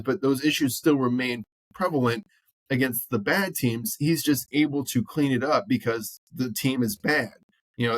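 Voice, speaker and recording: A man's voice: medium pitch, no room sound. A man co-hosting a sports podcast, talking bluntly and animatedly and swearing freely as he acts out quotes. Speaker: podcast co-host. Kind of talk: casual sports chat.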